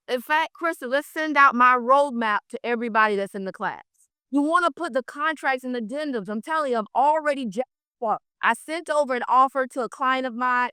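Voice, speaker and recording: An energetic woman leads a live training class and speaks straight to her students. Her voice sits fairly high and sounds bright and forceful. The recording is dry and close. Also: smooth, no room sound. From South Florida. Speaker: real estate trainer.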